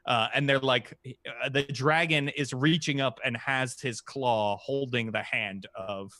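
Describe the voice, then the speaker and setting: A man running a tabletop game as game master, narrating in a relaxed, halting way with many fillers. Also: mid-range voice, dry recording. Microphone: podcast mic.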